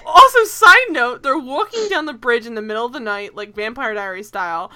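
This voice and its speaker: A woman co-hosting a casual TV recap podcast, animated and laughing, swearing freely. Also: on the high side, fairly quick, very noisy. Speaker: podcast co-host.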